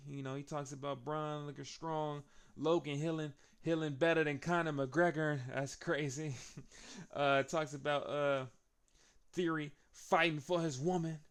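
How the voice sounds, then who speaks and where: A man hosting a casual wrestling recap, retelling events in slangy, animated speech. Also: on the high side, smooth. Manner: slangy, animated, laughs between beats.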